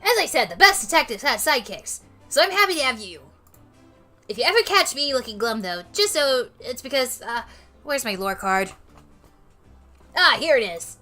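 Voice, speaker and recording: A chipper young fox sidekick chats brightly and reassures his friend, as a woman reads his lines in a game. The tone stays bright and lightly raised. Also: high-pitched, very animated, normal speed, soft background music, exaggerated voice. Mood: reassuring.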